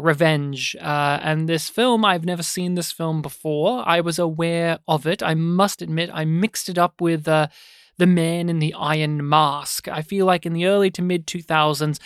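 A man's voice: on the high side, clean tone, dry recording, clean studio sound. A man co-hosting a podcast, chatting casually about a film with a rambling, hesitant manner full of fillers and restarts. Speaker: podcast co-host.

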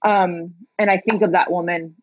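A woman's voice: fairly low pitch, steady tone, moderate pace, husky, lo-fi sound. A woman in her thirties, a guest telling her life story in a chatty way, with frequent laughs and filler words. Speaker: interview guest. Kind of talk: personal storytelling in conversation.

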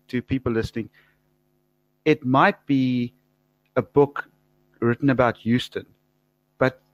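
A man from Africa, hosting a podcast interview and telling stories in a chatty, slangy, animated way. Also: medium pitch, no echo. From South Africa. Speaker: podcast host. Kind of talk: casual interview chat.

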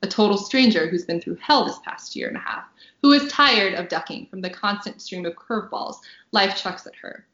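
A woman author reading a passage from her own novel aloud on a podcast, bubbly and quick to laugh between lines. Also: mid-range voice, animated, fairly bright tone, reverberant, muffled recording. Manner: bubbly, laughs often, reads with dry punchy delivery.

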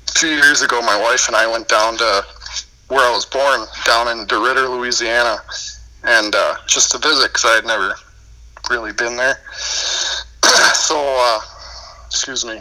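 A man's voice: mid-range voice, steady tone, normal speed, pauses often, pushed and bright, low-quality recording. A man with a Minnesotan accent, a podcast guest telling his life story in easygoing casual chat, laughing often. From United States.

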